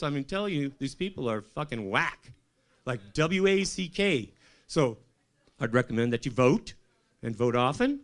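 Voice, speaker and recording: A man from Colorado doing a rambling stand-up set at an open mic, telling deadpan stories and quizzing the crowd. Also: on the high side, creaky. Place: small comedy club stage.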